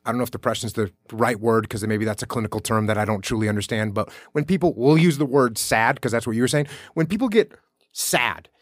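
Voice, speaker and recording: Man, podcast guest, measured explaining, dry close sound. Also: mid-range voice, no room sound. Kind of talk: casual interview chat.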